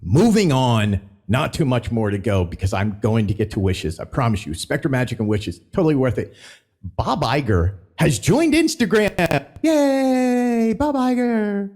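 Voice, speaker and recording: A man's voice: fairly low pitch, expressive, moderate pace, darkish tone, husky. A man hosting a casual theme park news vlog, chatty and rambling, stumbling as he reads announcements aloud.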